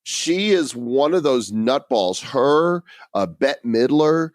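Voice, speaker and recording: A man's voice: medium pitch, slow, no echo, studio quality. A man co-hosting a podcast, chatting casually in a jokey, teasing way. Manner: jokey, animated, with teasing incredulous asides. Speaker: podcast co-host.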